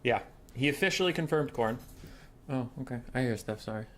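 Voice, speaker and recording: A man streams a strategy game and talks casually to his viewers in a relaxed, chatty way. His voice sits at a middling pitch. A faint hum runs behind him. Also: fairly quick. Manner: relaxed, chatty, reacts to chat. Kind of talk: casual livestream chat.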